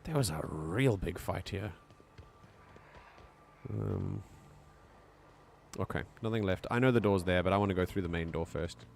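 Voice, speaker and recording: A man with a South African accent giving casual, excitable commentary while streaming a video game. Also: sits low, unhurried, vocal fry, pauses often, slight background noise. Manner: excitable, chatty, laughs often.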